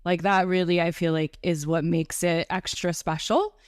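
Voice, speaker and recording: Chatty, enthusiastic woman, low-pitched. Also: fairly even intonation, moderate pace, no echo, studio quality. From New York area. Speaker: guest, breathwork and Reiki facilitator. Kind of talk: casual conversational interview.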